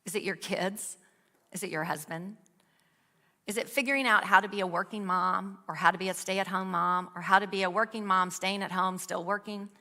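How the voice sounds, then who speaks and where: Bright-voiced woman teaching in a hall. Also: medium pitch, fairly even intonation, normal speed. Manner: earnest, asks a string of rhetorical questions. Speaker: speaker at a women's ministry. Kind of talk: devotional teaching with scripture reading. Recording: long hall reverb.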